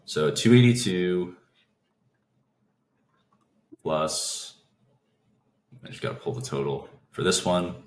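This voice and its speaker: A man hosting a casual trading lesson. He talks fast, keeps breaking off his own sentences and restarts them. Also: low voice, lively intonation, echoey room. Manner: fast talker who interrupts his own thoughts. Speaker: trading video host.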